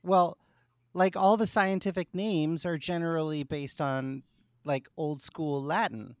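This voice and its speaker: A woman co-hosting a casual podcast, easygoing and quick to laugh, often trailing off mid-thought. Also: deep voice, fairly even intonation, no echo. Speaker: podcast co-host. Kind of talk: casual chat.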